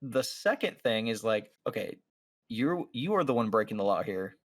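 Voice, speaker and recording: A man's sing-song, low-side voice moves at normal speed as he recounts a story in casual podcast chat. He acts out the people involved and leans on many fillers.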